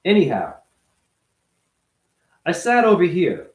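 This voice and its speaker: A man with a high-pitched voice holds forth in a blunt, profane, emphatic monologue. He sounds like he is recording himself at home, his voice bouncing around a roomy, echoey apartment. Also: animated, moderate pace, long pauses. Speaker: vlogger, former ballet dancer. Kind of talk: unscripted monologue rant.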